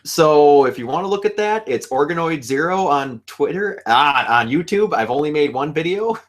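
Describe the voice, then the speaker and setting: A young man hosting a casual fan chat, animated and laughing often, acting out lines as he talks. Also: on the high side, moderate pace. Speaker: show host.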